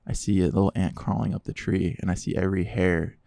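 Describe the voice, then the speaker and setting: Low gravelly man telling a story. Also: fast talker, dry recording, clean studio sound. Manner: animated storyteller, quotes others in dialogue. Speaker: podcast guest. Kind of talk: casual testimony storytelling.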